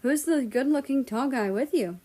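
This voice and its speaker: A woman reading aloud puts on a young man who runs an Italian restaurant, speaking in an Italian accent. His voice sits higher than the narration around him, and he sounds friendly and a little apologetic, as in a storybook read-aloud. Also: moderate pace, mellow.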